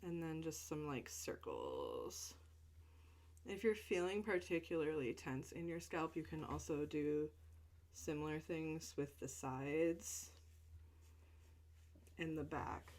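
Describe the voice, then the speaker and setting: A young adult woman, a voice teacher, talking through a stretch routine in a relaxed, chatty way with fillers and asides. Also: low-pitched, slow pace, long pauses. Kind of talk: instructional stretch demonstration.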